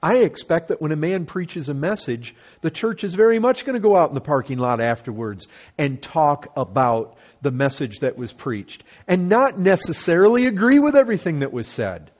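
A man's voice: fairly high pitch, lively intonation, normal speed, hardly any pauses. A man preaching a sermon as a pastor, earnest and emphatic, repeating phrases to drive his points home.

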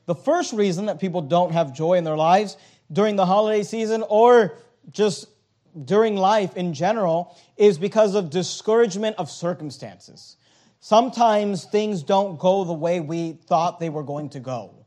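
Male preacher, high voice, earnest sermon delivery with emphatic scripture reading. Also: moderate pace, warm tone.

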